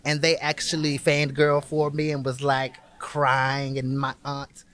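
A man's voice: medium pitch, monotone, unhurried, a bit bright. A man speaking as a drag performer in an interview, exuberant and sassy, calling people honey and baby. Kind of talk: animated interview answers.

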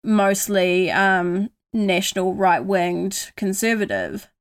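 In a casual conversation, a young guest with a New Zealand accent speaks earnestly in a smooth, medium-pitched voice, slow in pace but lively in intonation. Her voice gentles when she voices kind self-talk.

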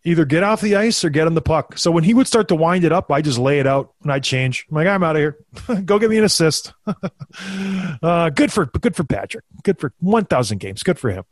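A man's voice: fairly high pitch, a little fast, no room sound. A man in his thirties, a former hockey player co-hosting a talk show, telling stories casually and acting out quotes in a raised voice. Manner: animated, acts out quotes in a raised voice. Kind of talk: casual storytelling chat.

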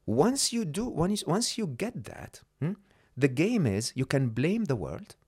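A man talking as a podcast guest in an animated way, often checking in with "right?" and "hmm?" and restarting his sentences. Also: on the high side, measured pace, breathy edge. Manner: frequent restarts and repeated words. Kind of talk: conversational interview.

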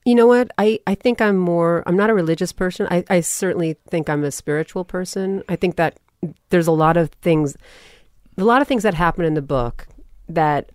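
A woman's voice: fairly low pitch, moderate pace, dry recording, clean studio sound. A woman from California, a podcast guest, telling a personal story in casual talk and acting out what people said. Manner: animated storyteller, quotes people in voices.

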